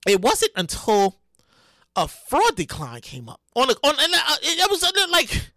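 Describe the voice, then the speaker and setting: Man, show host, comedic monologue, profane, stammering, very lively pitch, dry close sound. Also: moderate pace, no room sound. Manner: animated, profane, breaks into loud sing-song exclamations; stammers and restarts often.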